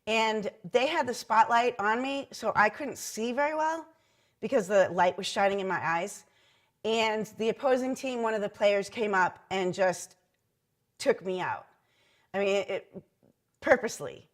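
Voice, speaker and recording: A woman's voice: medium pitch, a little slow. A middle-aged woman with an ordinary, mid-range voice tells anecdotes from her years as a team mascot. She talks in a loose, chatty way, full of fillers and "like"s, as in an oral history interview. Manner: chatty anecdotal telling with many ums and likes. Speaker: former hockey team mascot.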